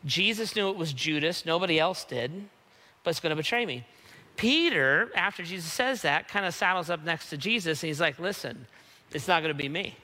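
A man preaching a sermon, relaxed and conversational, who often checks in with the listeners by asking "right?". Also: on the high side, fairly quick, in a large hall. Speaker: pastor.

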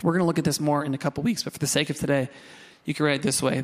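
A man preaching a sermon, lively and conversational, with asides to the congregation. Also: a little high, very fast. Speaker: pastor.

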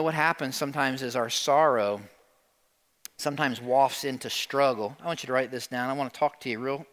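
A man's voice: fairly high pitch, a bit bright, big-room sound. A male pastor preaching a sermon in a conversational way, often calling on the congregation to answer. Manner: conversational, calls on the congregation to respond.

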